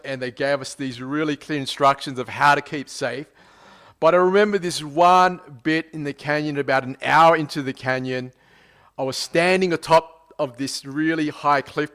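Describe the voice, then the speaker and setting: A man's voice: on the high side, a bit bright. A man preaching a sermon, opening with a prayer and then telling a personal story in a conversational way, often checking in with the listener. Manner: conversational, tag questions, frequent fillers.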